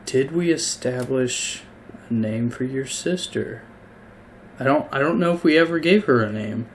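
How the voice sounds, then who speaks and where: A man's voice: mid-range voice, unhurried, slight background noise. A man narrating a tabletop game as game master, casual and hesitant with many fillers.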